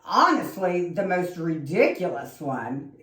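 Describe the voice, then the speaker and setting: A woman co-hosting a podcast, telling stories in an animated, self-teasing way. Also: lowish voice, takes it slowly, distant mic. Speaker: podcast co-host. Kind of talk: casual chat. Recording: echoey, off-mic, noisy crowd behind.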